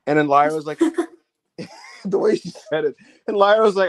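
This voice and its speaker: A high-pitched man talks through a wrestling recap in loose, excited chat. He swears freely, laughs a lot and slips into playful impressions of the people he describes. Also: normal speed, pauses often, no echo. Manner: animated, profane, laughs often, acts out quotes. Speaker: co-host of a wrestling review show. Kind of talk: casual show recap chat.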